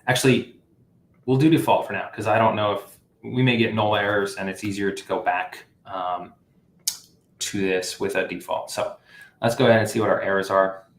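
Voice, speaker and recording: In a roomy-sounding recording, a man with a fairly low voice speaks at a moderate pace in a steady tone. He's hosting a livestream where he builds an app, casually walking through the code. He thinks aloud with fillers and self-corrections.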